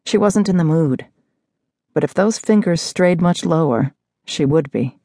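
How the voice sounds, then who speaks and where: A woman narrating a romance audiobook in a measured, intimate storytelling manner, recorded close in a studio. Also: low-pitched, animated, mellow, no echo. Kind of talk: scripted narration.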